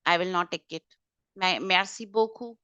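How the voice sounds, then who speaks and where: A woman teaching French vocabulary in an online exam-prep class, brisk and corrective, often repeating key points. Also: lowish voice, pushed and bright, smooth, dry recording, muffled recording. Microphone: video call.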